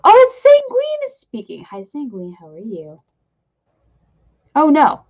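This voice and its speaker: A woman's voice: sits high, huge pitch swings, a little slow, darkish tone. A woman hosting her own live stream, chatting casually and rambling with self-deprecating asides to her viewers. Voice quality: gravelly fry in voice. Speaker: streamer host. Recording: slightly dull lo-fi stream mic.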